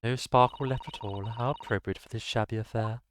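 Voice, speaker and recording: A man's voice: mid-range voice, steady tone, fairly quick, slight background noise, lightly acted. Man putting on a haughty posh Englishwoman. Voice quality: drawling, sneering. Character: haughty upper-class Englishwoman, condescending and cold.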